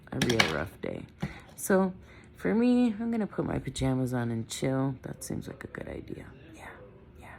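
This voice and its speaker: A middle-aged woman vlogs from her car in a low, gravelly voice. She talks in a chatty, opinionated way, and her pitch rises and falls a lot. Faint car noise hums behind her. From Wisconsin, United States. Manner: chatty, opinionated, trailing off with "right?" and "I don't know". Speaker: vlogger. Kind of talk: casual opinion vlog.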